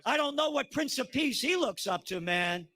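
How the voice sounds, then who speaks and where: An older man in his seventies rants in an angry, sardonic monologue. His voice sits very high for a man and rises and falls with lively swings. It is crisp and bright, recorded close and dry. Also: moderate pace. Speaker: commentator. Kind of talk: impassioned monologue.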